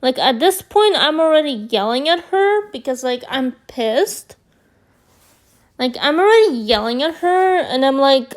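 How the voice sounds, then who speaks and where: Woman vlogger, high-pitched, slightly hoarse, slow rambling storyteller. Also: big pitch swings. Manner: rambling, filler-heavy, addresses viewers as guys. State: hoarse from screaming. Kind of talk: storytime chat.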